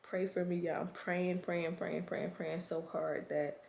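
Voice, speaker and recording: This pregnancy vlogger is casually talking to camera, clearly stressed, with emotional, frustrated and anxious words for "y'all." The voice is lowish, flat, gravelly and a little mellow, delivered a little slowly.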